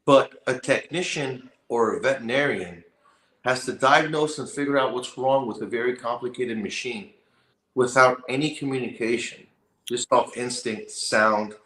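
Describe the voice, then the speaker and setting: A man's voice: mid-range voice, normal speed, a bit bright. Opinionated male guest in an echoey room. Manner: opinionated, emphatic. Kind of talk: casual podcast conversation.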